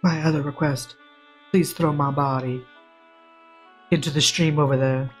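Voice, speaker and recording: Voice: mid-range voice, fairly even intonation, measured pace, faint music behind, lightly acted. A game streamer voicing a dying Southern belle rebel leader in a put-on Southern drawl, reading her lines earnestly. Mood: solemn. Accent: put-on American Southern.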